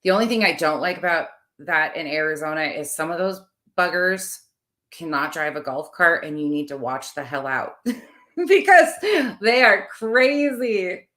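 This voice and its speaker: Woman, 30s, low voice, rambling livestream host chatting with viewers. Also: sing-song, moderate pace, a bit bright. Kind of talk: casual livestream chat.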